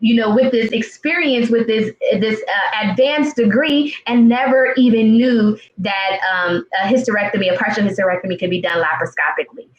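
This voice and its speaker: A woman in her thirties tells her story as an interview guest, earnest and heartfelt. She often pauses on fillers and restarts her sentences. The sound is roomy and a little dull, like a live-stream call. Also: on the high side. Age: 30s. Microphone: video call.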